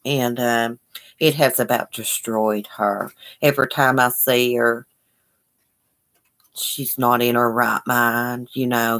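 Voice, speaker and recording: A woman's voice: rumbling low, a bit bright. A woman hosting a casual livestream, reading viewer comments aloud and answering with sympathy in a chatty, folksy way. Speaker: livestream host.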